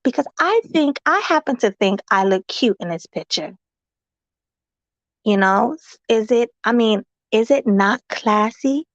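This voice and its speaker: A woman hosting a casual live-stream chat, talking in an animated way and asking her viewers rhetorical questions. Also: a little high, unhurried, no room sound, dull audio. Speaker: host.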